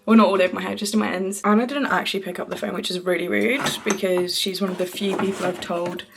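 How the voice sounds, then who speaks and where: A woman's voice: mid-range voice, fairly even intonation, quick pace, vocal fry, background noise. A young woman from England talks straight to her camera in a loose, chatty vlog style. She rambles and laughs at herself, and drops the odd casual swear word. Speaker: vlogger.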